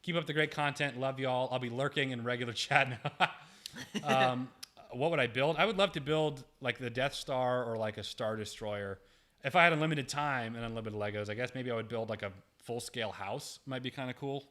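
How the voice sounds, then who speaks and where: A man's voice: mid-range voice, brisk, a bit bright. A man hosting a casual livestream, reading viewer chats aloud in a chatty, joking, self-deprecating way. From United States.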